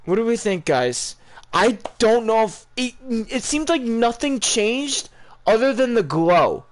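A young man giving casual, rambling live reactions to video game items, excitable and full of ums. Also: extremely high pitch, a little slow. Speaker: gaming YouTuber.

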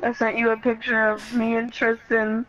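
A woman's voice: fairly high pitch, monotone, normal speed, muffled recording, very noisy. A woman streaming a video game, rambling through a story about chat messages and giggling often. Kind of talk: casual gaming stream chat.

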